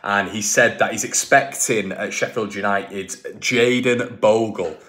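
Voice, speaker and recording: Chatty, emphatic English football fan host. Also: male voice, lowish voice, steady tone, unhurried, a bit bright. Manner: chatty, emphatic, repeats himself, many restarts. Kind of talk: casual football fan commentary.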